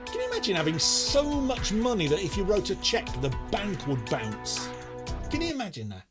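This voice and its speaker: A man's voice: high-pitched, huge pitch swings, moderate pace, music in the background. A middle-aged man hosting a live online quiz, reading questions with playful, self-mocking banter.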